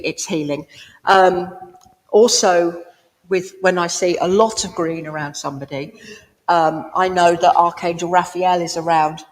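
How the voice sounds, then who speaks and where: A woman giving a spiritualist mediumship reading in a village hall, chatty and down-to-earth, talking directly to a listener. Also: fairly low pitch. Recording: long hall reverb.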